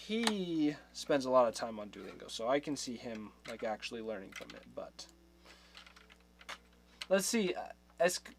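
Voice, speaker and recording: Male streamer, relaxed unhurried delivery, mid-pitched, chatty with frequent laughs. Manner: chatty, laughs often, trails off. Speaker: livestream host. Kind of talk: casual chat with viewers.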